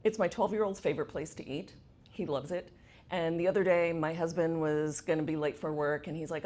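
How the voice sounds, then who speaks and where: A woman's voice: deep voice, fairly even intonation, a little fast, darkish tone. A middle-aged woman giving a conference talk, chatty, asking the audience questions. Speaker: conference speaker. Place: event space with audience.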